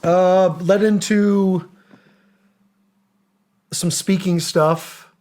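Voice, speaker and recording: A middle-aged former special operations soldier appears as a podcast guest, telling his story in a casual, earnest way with slang and acted-out quotes. His voice sits high, steady and a little mellow, with drawn-out words.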